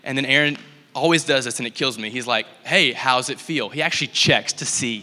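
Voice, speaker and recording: A young man giving a casual, animated story-filled talk in church, full of likes and ums. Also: medium pitch, normal speed. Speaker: church speaker. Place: church hall. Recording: long hall reverb.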